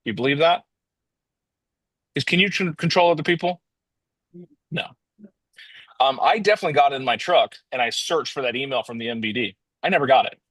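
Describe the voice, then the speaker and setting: A man's voice: mid-range voice, a little fast, long pauses, fairly bright tone, no room sound. A man telling a motivational story in a casual, rambling way, often restarting and calling his listeners guys.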